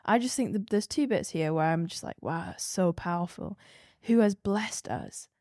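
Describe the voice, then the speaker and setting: A woman sharing earnest, reflective thoughts in a casual devotional discussion, often drifting softer. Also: on the low side, expressive, a little fast, no echo, studio quality. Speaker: Bible discussion participant.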